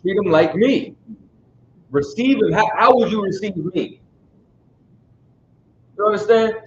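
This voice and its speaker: A man's voice: high voice, expressive, a little slow. Emphatic man teaching scripture, roomy sound. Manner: emphatic, keeps checking in with listeners; casual street-style speech. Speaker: Bible teacher. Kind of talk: Bible study teaching. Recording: roomy, dull sound with faint noise.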